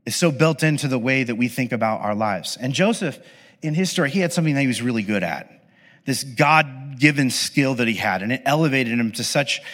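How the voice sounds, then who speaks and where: A man preaching a conversational, animated sermon with casual asides to his listeners. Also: medium pitch. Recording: long hall reverb.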